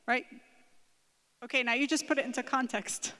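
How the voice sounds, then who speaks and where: A woman gives a relaxed parenting talk and keeps checking in with her listeners as she goes. Her voice sits a little high for a woman. A long reverb trails each phrase, as if the talk were recorded in a church hall. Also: moderate pace, long pauses. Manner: chatty, checks in with "right?" and "okay?". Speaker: speaker at a parenting workshop.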